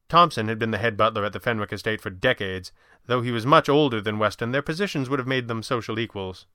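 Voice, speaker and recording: A man reading a story aloud in a measured, even manner. His voice is bright and crisp, close and dry on the mic. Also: medium pitch, dry recording. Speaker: narrator. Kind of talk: audiobook narration.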